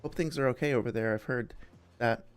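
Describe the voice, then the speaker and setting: A man's voice: medium pitch, fairly quick, clear, resonant tone, faint music behind. A young man hosting a live stream, chatting casually with viewers in a friendly, rambling way, full of fillers and restarts. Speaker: streamer host.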